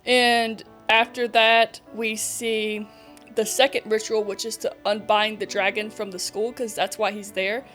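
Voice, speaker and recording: A woman's voice: mid-range voice, a little slow, soft background music. A young woman streamer hosting a podcast, retelling a book plot casually with swearing and acted-out dialogue. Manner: animated storyteller, swears casually, acts out dialogue. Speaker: podcast host, vtuber. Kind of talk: casual book recap chat.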